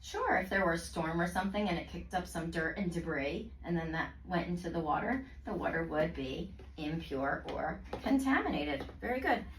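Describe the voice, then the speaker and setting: A woman tutoring a student in reading, praising often and sounding out words slowly in parts. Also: lowish voice, lively intonation, slight background noise. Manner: slow, clearly segmented word pronunciation. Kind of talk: one-on-one reading lesson. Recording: roomy sound from a distance.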